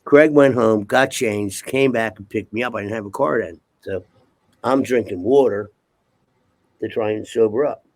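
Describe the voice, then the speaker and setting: A man's voice: fairly low pitch, moderate pace. An older man, a guest, telling rambling, profane stories in casual talk and punctuating them with "okay?". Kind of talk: casual storytelling.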